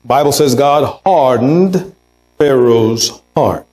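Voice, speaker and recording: A man's voice: medium pitch, animated, slow pace, mellow, rough recording. A pastor preaching a sermon in a church, earnest, lifting his voice to act out quoted words. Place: church sanctuary.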